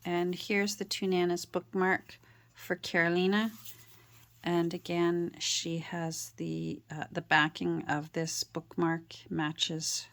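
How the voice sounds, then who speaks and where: A woman artist narrating a casual show-and-tell of her handmade journals, talking gently and meandering with frequent ums and uhs. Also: on the low side, level tone, slow pace, vocal fry.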